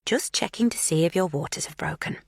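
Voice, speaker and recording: A woman's voice: medium pitch, wildly swooping pitch, moderate pace, breathy edge, no room sound, studio quality, pitched above the performer's own voice, heavily acted. A woman voicing a creepy older woman who keeps her captive with a falsely sweet, sing-song, soothing manner. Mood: sweetly menacing.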